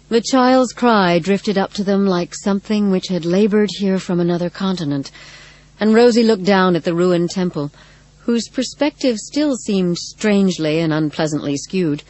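A woman narrating a dark story in a measured, dramatic reading. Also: lowish voice, no echo, poor audio. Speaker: audiobook narrator. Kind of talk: scripted narration.

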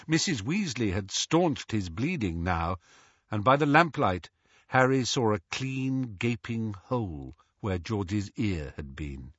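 A man narrates an audiobook slowly, in an expressive way. His husky voice moves with a lively pitch, and the recording is dry and slightly dull. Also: no room sound. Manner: expressive storyteller.

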